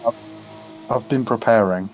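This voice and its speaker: A man's voice: fairly low pitch, normal speed, faint music behind, poor audio. A man, co-commentating a sim race in a casual, informative way. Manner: informative, mock-formal when reading promos.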